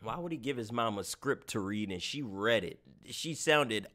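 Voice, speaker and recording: A man's voice: on the low side, normal speed, very noisy. A man streaming live, reacting to clips and mocking them to his chat in casual talk. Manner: animated, mocking, talks to chat.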